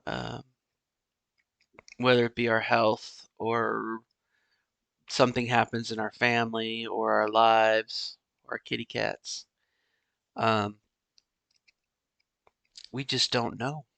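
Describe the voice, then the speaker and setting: Middle-aged man, gravelly voice, unhurried drawl, rambling solo podcast monologue, halting and resigned. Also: fairly low pitch, little pitch movement, fairly bright tone, no echo. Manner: rambling, halting, full of "you know" and restarts; wistful, resigned musing. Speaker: podcast host.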